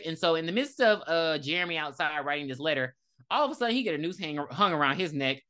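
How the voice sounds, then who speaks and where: A woman in casual podcast chat, recapping a film with profane, dramatic storytelling. Her voice is bright and ranges widely in pitch, sitting slightly low for a woman. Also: a little fast. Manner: animated, profane storytelling with dramatic quoted lines. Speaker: podcast co-host. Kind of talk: casual movie review chat.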